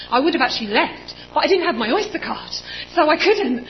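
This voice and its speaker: A woman in her twenties preaching in a church, telling a personal story in a chatty, animated way with lots of quoted dialogue. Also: high voice, a little fast, highs cut off, slight background noise. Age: 20s.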